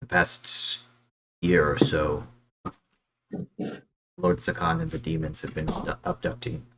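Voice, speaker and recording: A wary underground guard murmurs urgent warnings in a whispered role-play, as a man puts him on. The voice sits low and soft. It is a quiet figure from a tabletop fantasy game. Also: very animated, a little slow, background noise, heavily acted. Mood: hushed. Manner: hushed, urgent.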